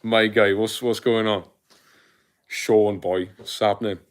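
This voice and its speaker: A man's voice: fairly low pitch, slow pace, clear, resonant tone. Chatty South Welsh man streaming live. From South Wales. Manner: relaxed, chatty, uses slang like mate and my guy. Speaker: livestreamer. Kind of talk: casual live-stream chat reading comments.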